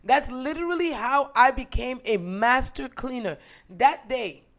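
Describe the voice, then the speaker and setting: A woman with a somewhat high voice delivers a motivational affirmation session. She is blunt and swears freely. She leans hard on her key words. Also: a little slow. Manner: blunt and profane, forceful emphasis. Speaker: motivational speaker.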